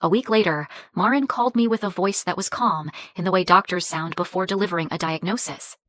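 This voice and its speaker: A woman tells a first-person story in a measured, even way. Her voice sits a little low. The recording is dry and close. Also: no echo. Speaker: narrator.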